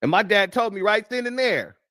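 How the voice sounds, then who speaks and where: A man's voice: sits high, expressive, brisk, fairly bright tone, dry recording, clean studio sound. Blunt, profane male commentary host. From United States. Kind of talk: casual commentary.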